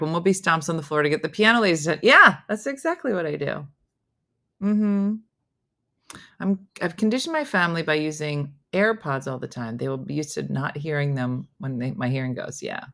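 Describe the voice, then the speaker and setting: A woman hosting a comedy morning show, chatting casually, telling animated stories with frequent laughs and acting out family exchanges. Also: low-pitched, gravelly. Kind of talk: casual live-show chat reading viewer comments.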